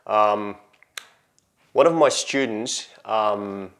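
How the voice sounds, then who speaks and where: A man's voice: lowish voice, drawn-out words, fairly bright tone. A man hosting an online video tutorial as an English pronunciation teacher, speaking to viewers in a chatty, storytelling way.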